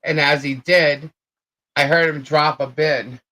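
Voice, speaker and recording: A woman's voice: sits low, fairly even intonation, unhurried, a bit bright, rough recording. A woman co-hosting a live chat show, telling a long story in a rambling way, full of fillers and repeated phrases.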